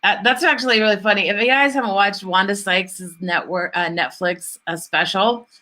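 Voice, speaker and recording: Woman host, bright tone, chatty and enthusiastic, casual talk. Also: mid-range voice, fairly even intonation, normal speed. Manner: chatty, many fillers, enthusiastic. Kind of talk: casual spiritual-business chat.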